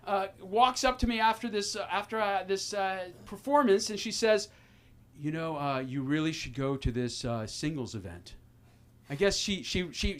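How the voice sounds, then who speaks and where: A man in his fifties doing self-deprecating stand-up into a handheld mic on a small club stage. His voice sits a little high, and he stumbles and restarts as he goes. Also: a bit bright. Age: 50s. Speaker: open mic comedian. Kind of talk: stand-up comedy set.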